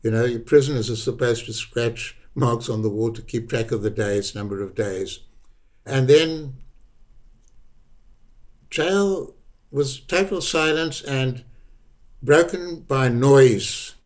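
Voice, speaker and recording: Slow, reflective older South African man. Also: medium pitch. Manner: unhurried, repeats words for emphasis. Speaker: interview guest. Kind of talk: reflective personal storytelling.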